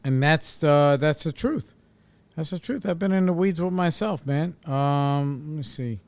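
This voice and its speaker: A man's voice: on the high side, a little slow, darkish tone, dry recording. A man hosting a casual solo podcast, talking in a laid-back, rambling way with lots of fillers and swearing. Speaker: podcast host. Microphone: studio microphone.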